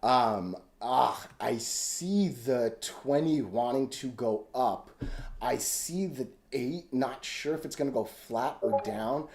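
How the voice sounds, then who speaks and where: The host, a man going over stock charts on a casual home live stream, rambles and thinks out loud. His mid-range voice has a darkish tone, and he speaks slowly.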